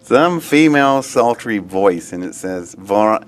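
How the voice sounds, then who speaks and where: A man being interviewed, telling a long story in a rambling, excitable way that often trails off and starts again. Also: lowish voice, measured pace. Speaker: interviewee recounting an experience.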